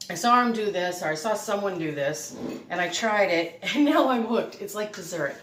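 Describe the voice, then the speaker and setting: Middle-aged lady rambling on about her recipe, a bit breathless, lowish voice, echoey kitchen w noisy phone audio. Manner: chatty, rambling, laughs often. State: a little breathless. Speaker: cooking vlogger. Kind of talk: casual home cooking demo. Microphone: phone camera.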